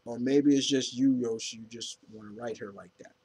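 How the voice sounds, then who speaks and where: Male comics reviewer, mid-pitched, rambling and opinionated, casual fan chatter. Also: fairly even intonation, fairly quick, darkish tone, husky.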